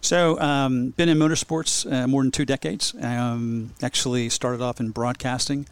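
A man's voice: mid-range voice, steady tone, normal speed, clean tone, dry recording. A middle-aged man, a speedway general manager, chatting casually on a podcast and telling stories with quoted voices. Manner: storytelling, acts out quoted voices.

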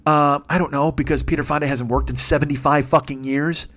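Fast-talking, profane ranting man. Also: fairly high pitch, fairly even intonation, fairly bright tone. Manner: profane, fast, mocks opponents in put-on voices. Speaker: podcast host. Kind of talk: angry political rant.

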